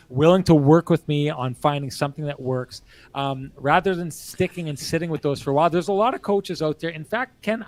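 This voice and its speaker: A man co-hosting a hockey post-game show, talking casually with strong opinions and frequent laughter. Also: on the high side. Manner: animated, opinionated, laughs often. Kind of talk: casual sports talk. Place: bar.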